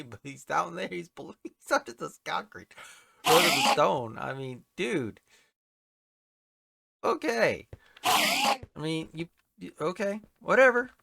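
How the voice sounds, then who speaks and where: Rambling man with gravelly voice. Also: on the high side, lively intonation, measured pace, pauses often. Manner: rambling, talks to game creatures. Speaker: game streamer. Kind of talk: casual gameplay commentary. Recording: loud background noise.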